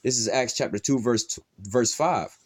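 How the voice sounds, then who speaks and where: A man reads scripture aloud and explains it in his own loose street talk. He swears freely and leans on "all right" and "you know" to carry his points along. His pitch sits right in the middle for a man. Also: normal speed. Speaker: Bible teacher. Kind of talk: informal scripture teaching.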